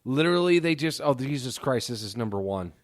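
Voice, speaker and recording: A man's voice: mid-range voice, lively intonation, fairly quick. A young man co-hosting a casual podcast, laid-back and hesitant, full of fillers. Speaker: podcast co-host. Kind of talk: casual chat.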